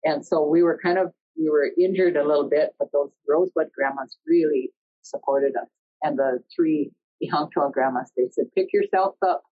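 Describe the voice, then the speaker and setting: A middle-aged woman telling a personal story in an earnest, conversational way, often pausing mid-sentence. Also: low-pitched, fairly even intonation, slightly rough. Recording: dull lo-fi recording.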